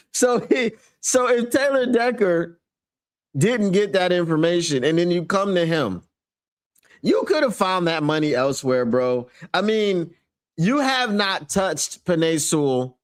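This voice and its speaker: A man's voice: high-pitched, lively intonation, slow pace. A man hosting a fan sports show, giving emphatic, casual commentary and laughing often.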